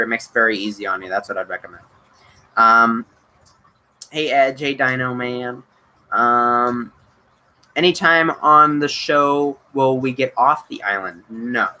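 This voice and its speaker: A man's voice: medium pitch, pushed and bright, low-quality recording. A man hosting a casual livestream Q&A, answering chat questions in an eager, chatty way with lots of ums and restarts.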